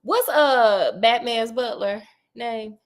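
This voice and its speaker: A woman retells a classic story in a casual, comic style, animated and full of slang, addressing her audience directly. Her voice is fairly high and her delivery slow.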